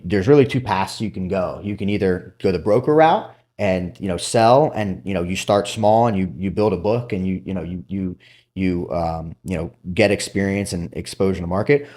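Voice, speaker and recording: On a relaxed podcast, a low-voiced, middle-aged guest who once served as a Navy SEAL spins lively stories. His delivery is animated, dotted with fast asides and acted-out quotations.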